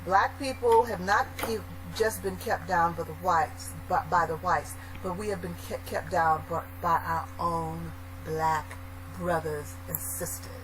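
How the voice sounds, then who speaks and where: A woman's voice: on the low side, a little slow, noisy background. A woman giving earnest commentary, hesitant and often restarting her sentences.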